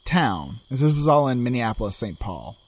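Guy cohosting a true crime pod, animated voice, joking about grim stuff. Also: medium pitch, moderate pace. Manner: storytelling, animated, darkly joking. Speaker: podcast co-host. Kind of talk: casual true-crime chat.

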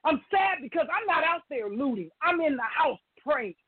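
A woman's voice: sits high, very animated, moderate pace, dry recording. A woman calling into a talk show, speaking with impassioned, preaching conviction. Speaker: caller. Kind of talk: emotional call-in talk. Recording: phone line.

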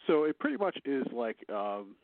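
Over phone-line internet radio, a Chicago man with a matching accent hosts his show in a medium-pitched, sing-song voice at a moderate pace, with no room sound. His talk is loose banter, full of rambling and frequent laughter.

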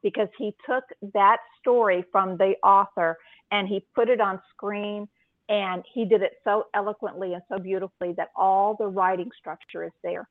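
A woman co-hosting a writing podcast who talks casually and retells story scenes with lively emphasis. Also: mid-range voice, moderate pace, dry recording. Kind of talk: casual chat. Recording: tinny phone-line sound, dry.

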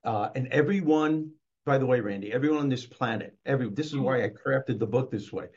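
A man, an author and motivational speaker, telling a story as an interview guest in a lively way and acting out the scenes, on dull lo-fi audio. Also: mid-range voice, a little fast.

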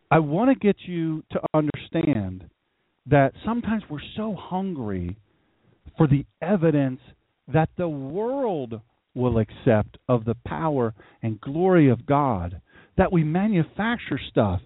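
Animated preacher man, tinny dry sound. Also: no echo. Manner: animated storytelling, acts out voices, jumps to high pitch for emphasis. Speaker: pastor. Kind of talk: casual sermon.

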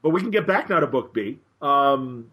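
A man hosting a casual podcast chat, rambling and animated, acting out the voices he quotes. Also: mid-range voice, moderate pace. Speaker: podcast host.

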